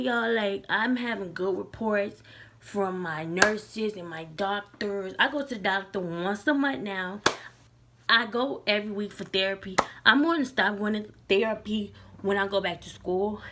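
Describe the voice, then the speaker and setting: A woman's voice: mid-range voice, gravelly, background noise. A young woman talking casually to her camera, loose and candid, with many likes and restarts. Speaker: vlogger.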